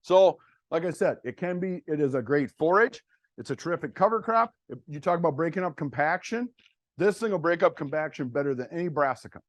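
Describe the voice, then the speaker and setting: A man's voice: fairly high pitch, expressive, brisk, no room sound. A middle-aged man giving a farm workshop presentation to farmers on cover crops, talking in a blunt, folksy and plainspoken way. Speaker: cover crop seed dealer presenting to farmers.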